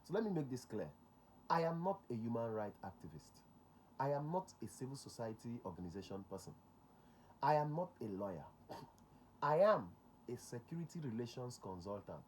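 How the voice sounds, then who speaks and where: Nigerian male host, mid-pitched voice, drives points home with repetition and Pidgin asides. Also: sing-song, moderate pace, a little hiss or hum. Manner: emphatic, repeats key points, slips into Pidgin. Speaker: security relations consultant, show host. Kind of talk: talk show monologue.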